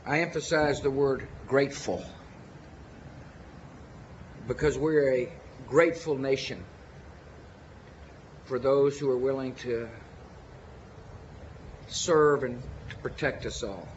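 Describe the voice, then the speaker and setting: A man with a Texan accent speaks at a solemn outdoor ceremony, earnest and measured, pausing deliberately between phrases. His voice sits at an ordinary middle pitch. The archival recording is slightly muffled, with a faint hiss behind it. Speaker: president giving a memorial speech. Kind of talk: formal ceremonial speech.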